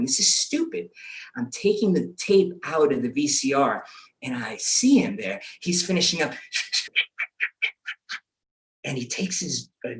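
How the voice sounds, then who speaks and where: A man tells a comic story from his own life. He is animated, jumping into his younger self's inner voice with lively asides. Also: mid-range voice, noisy background.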